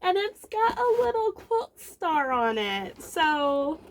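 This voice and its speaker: A woman's voice: sits high, very animated, slow. A young woman hosting a casual crafting show-and-tell, bubbly and gushing, rambling with lots of fillers. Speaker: knitting podcast host.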